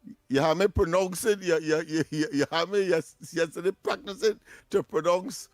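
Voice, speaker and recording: A man's voice: on the high side, fairly even intonation, moderate pace, dry recording. A man with a Trinidadian accent co-hosting a casual radio talk show, playful and laughing often, repeating himself as he talks.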